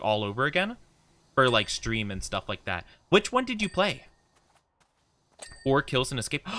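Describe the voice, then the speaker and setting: Brief: bubbly live-stream host, lively swooping bright voice, dry close mic. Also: mid-range voice, dry recording. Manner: bubbly, greets viewers warmly by name. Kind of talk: casual live-stream chat.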